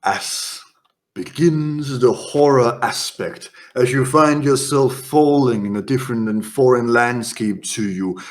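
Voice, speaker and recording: A man running a horror tabletop game as game master, narrating scenes in quick descriptive bursts. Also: medium pitch.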